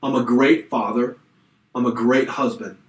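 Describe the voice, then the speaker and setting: Animated storytelling man in an echoey room. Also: mid-range voice, measured pace, recorded from a distance. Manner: animated storyteller acting out quotes. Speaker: podcast co-host. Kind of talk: casual storytelling chat.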